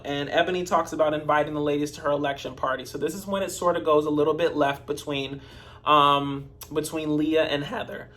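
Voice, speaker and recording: A man's voice: on the high side, a bit bright. A man giving casual recap commentary on a TV episode, chatty, with sassy asides to his viewers. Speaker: TV episode reviewer.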